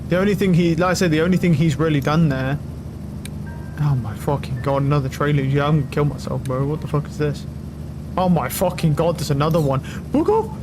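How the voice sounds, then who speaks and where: A young man streaming a game, talking loudly and excitably with lots of swearing to his chat and a friend. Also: on the high side, brisk, noisy background. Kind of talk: casual live-stream commentary. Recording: game music loud behind voice. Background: game music.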